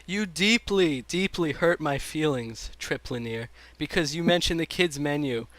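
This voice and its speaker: A man's voice: a little high, a bit bright, dry recording. A young adult man interviewing a guest in a playful, joking way. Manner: playful, joking, quick to laugh. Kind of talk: casual interview.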